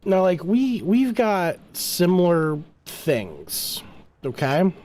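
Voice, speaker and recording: A man's voice: high-pitched, big pitch swings, slow pace, darkish tone. A middle-aged man from New Jersey, rambling through a casual chat while gaming and telling stories with lots of filler words. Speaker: streamer.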